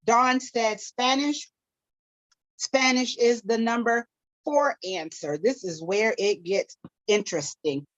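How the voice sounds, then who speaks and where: On a casual live podcast, a woman co-hosts and runs a quiz game segment, chatting away, laughing often, and slipping in playful foreign phrases. Her voice is on the high side and slow, recorded lo-fi with no echo.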